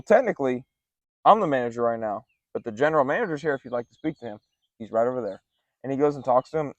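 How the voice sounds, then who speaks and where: A young man telling a story casually as podcast co-host, loose and animated, with lots of "like" and "dude". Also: medium pitch, no room sound, highs cut off. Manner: animated, acts out other people's lines in raised voices; laid-back, says "like" and "dude" a lot.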